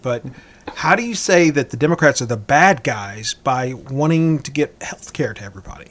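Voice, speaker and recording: A man hosting a local podcast, talking in a halting way with many stammers and restarts. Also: mid-range voice, a bit bright. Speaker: podcast host. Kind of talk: casual podcast interview.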